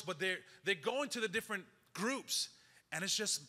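A man preaching a sermon and reading scripture, repeating phrases for emphasis and dropping to a hushed, intense tone. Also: high-pitched, lively intonation, moderate pace, in a large hall. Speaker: pastor.

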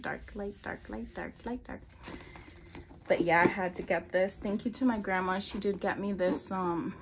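A woman's voice: on the low side, background noise. A young woman chatting casually through a shopping haul vlog, rambling and full of "like", a bit out of breath. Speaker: vlogger.

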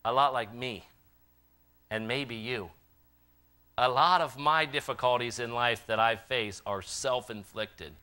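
A man preaching a sermon in a church, swinging from loud impassioned calls to quiet, earnest appeals. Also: mid-range voice, a little slow, clear, resonant tone. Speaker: pastor. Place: church sanctuary.

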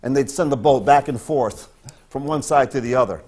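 A man's voice: medium pitch, moderate pace, darkish tone. A man from northern Maine preaching a sermon as pastor, emphatic and repeating his points for stress.

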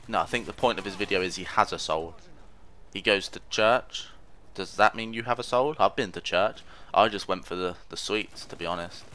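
A man's voice: low voice, sharp tone, slight background noise. A man giving casual commentary over his own gameplay, rambling, mocking himself and trash-talking opponents. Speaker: gaming commentator.

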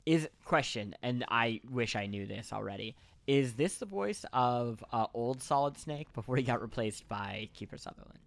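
Male gamer-host, gravelly, jokey casual banter, dry close recording. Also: medium pitch, animated, normal speed, no echo. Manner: joking, reads game lines aloud. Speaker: game show host. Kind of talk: casual gameplay chat.

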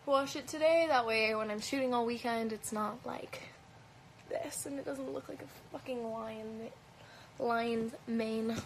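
A woman's voice: a little high, measured pace, background noise. A woman with a light Canadian accent chatting casually on a phone livestream, answering comments in a blunt, profane way with plenty of "um"s and "like"s. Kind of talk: casual live Q&A chat. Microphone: phone held at arm's length.

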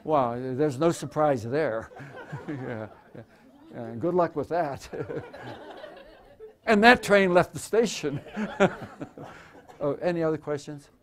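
A man's voice: on the high side, slow, long pauses. A man in his eighties, a photographer speaking in a museum auditorium, rambling and joking irreverently, with many stammered restarts as he answers audience questions. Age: 80s. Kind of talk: live talk with audience questions.

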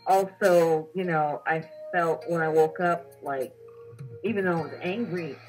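Telling a dream in casual conversation, this young woman co-host brings the story to life by acting out the quotes. Her voice sits lowish and her pace is measured. Faint music plays behind her, and the recording is rough.

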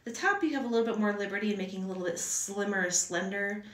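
A woman's voice: medium pitch, fast, a bit bright, far from the mic. Chatty woman teaching lettering in a roomy space. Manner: chatty, rambling, many fillers and restarts. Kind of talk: casual livestream lesson. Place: room at home. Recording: echoey room, voice from off-mic.

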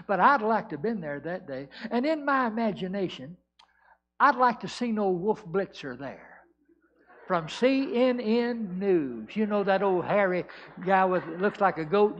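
A man preaching at a revival in a church, telling a folksy story that swells to loud, emphatic peaks. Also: sits high, animated, normal speed. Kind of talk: sermon storytelling. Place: church sanctuary. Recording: dull lo-fi church recording.

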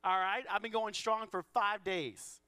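A man's voice: high-pitched, steady tone, a little slow, sharp tone, clean tone. A man preaching a sermon, a joking, self-deprecating pastor who acts out the voices in his stories. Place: church auditorium.

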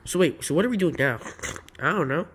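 A man's voice: a little high, expressive, brisk, fairly bright tone, a little hiss or hum. A man voicing a laid-back male frost bear who tells a story in a rambling, self-interrupting way. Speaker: storyteller and creator. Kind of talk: fan-made character story.

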